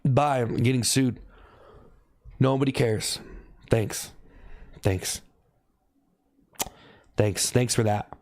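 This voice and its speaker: A man talking casually on a live stream, thanking viewers by name and asking if he looks upset, with sudden high whoops. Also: fairly even intonation, extremely slow, long pauses, darkish tone. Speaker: livestreamer.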